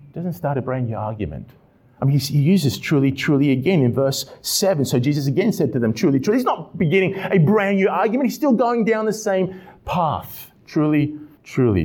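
A man pastor preaching an expository sermon with animated delivery and repeated emphatic phrases. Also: a little high, breathy edge.

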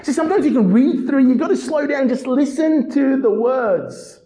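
A male pastor preaching a passionate sermon, his voice swinging from low, measured reading to high, emphatic outbursts. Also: lively intonation, mellow, echoey room, low-quality recording.

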